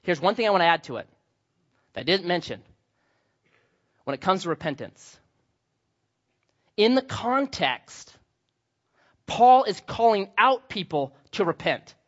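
Animated pastor with a high voice. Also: male voice, a little slow, pauses often, lo-fi sound. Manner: animated storytelling, acts out quoted voices. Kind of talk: sermon.

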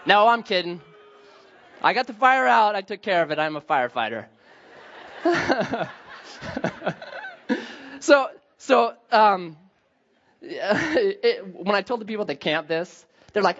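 A man's voice: high-pitched, very animated, slow, long pauses, a bit bright, dull audio. A middle-aged man, a pastor, telling a funny personal story in a sermon and laughing at himself as he goes.

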